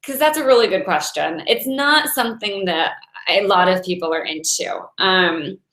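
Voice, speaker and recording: With lively intonation and a moderate pace, a woman in her forties speaks in a mid-range, slightly bright voice. A Taoist meditation teacher, she gives a chatty inspirational talk, laughing frequently while telling stories, and the recording has a roomy echo.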